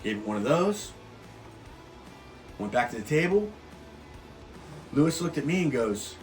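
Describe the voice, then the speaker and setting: A man telling a personal story in a laid-back way, often dropping to a quiet, calm voice. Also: mid-range voice, measured pace, pauses often. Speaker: host. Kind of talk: storytelling monologue. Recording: roomy echo with faint guitar music.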